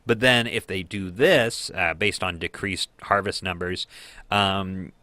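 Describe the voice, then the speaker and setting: A man's voice: low voice, fairly even intonation, unhurried, pushed and bright, no echo. A man co-hosting a local radio news review, chatting casually with frequent fillers and restarts. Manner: chatty, stumbling with many fillers.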